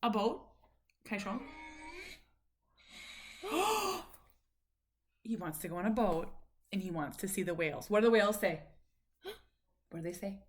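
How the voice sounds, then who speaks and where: A woman talking with her son, soft and encouraging, breaking into playful high exclamations now and then. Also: quick pace. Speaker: mother of the child in the video. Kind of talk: gentle coaxing talk to her son, and a casual talk to camera.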